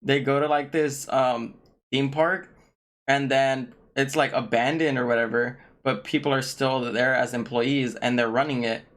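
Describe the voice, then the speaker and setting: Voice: mid-range voice, fairly even intonation, normal speed, a bit bright. A podcast co-host in casual chat, jumping in eagerly with comparisons and reactions.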